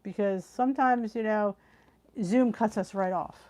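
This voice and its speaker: This middle-aged woman's voice is medium-pitched, unhurried and a little mellow as she hosts a live cooking stream from home on a video call, picked up by her computer. Chatty by nature, she reads viewer comments aloud, gasps, trails off mid-thought, and yawns, worn out by the heat.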